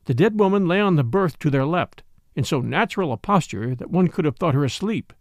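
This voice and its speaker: Gravelly-voiced male storyteller. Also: on the high side, expressive, brisk, dry recording, studio quality. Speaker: audiobook narrator. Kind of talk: scripted narration.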